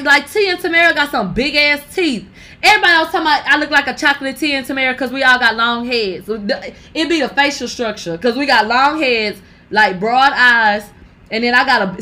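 A woman's voice: high-pitched, sharp tone. A young woman giving brash, profane gossip commentary, talking straight to her viewers. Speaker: commentary vlogger.

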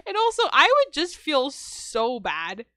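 A young woman co-hosting a podcast, giggly and animated in casual chat. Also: high-pitched, measured pace, no echo, studio quality. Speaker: podcast co-host.

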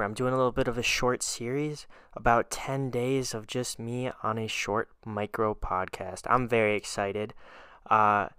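A man hosting a podcast alone, telling casual stories in a chatty, animated way and laughing often. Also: medium pitch, clear, resonant tone, no room sound, clean studio sound. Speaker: podcast host. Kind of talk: casual storytelling monologue.

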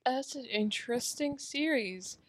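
A young woman winding down a casual chat show, sounding tired and prone to giggles. Her voice sits fairly high. She is recorded up close in a dry, dead room while lying on a pillow. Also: lively intonation, unhurried, no echo. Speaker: podcast co-host.

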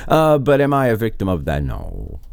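A man's voice: on the low side, huge pitch swings, normal speed, creaky, darkish tone, clear, resonant tone, dry recording, clean studio sound. A man giving casual political commentary, rambling and exasperated, with a sarcastic edge. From United States.

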